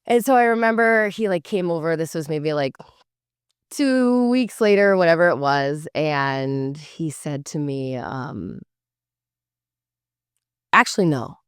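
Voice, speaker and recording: Low-voiced woman telling a story casually. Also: a little slow, pauses often, smooth, no room sound, clean studio sound. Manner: chatty, swears freely, heavy "like" fillers; animated, acts out quoted dialogue. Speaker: podcast host.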